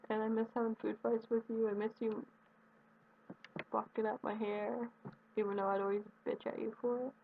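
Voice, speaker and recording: A young woman with a slightly high voice and very heavy vocal fry talks earnestly and at length in a personal video message, often stopping and restarting. The audio is tinny and phone-like, with a faint hiss underneath. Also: little pitch movement. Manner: earnest and rambling, with halting restarts. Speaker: vlogger addressing her absent partner.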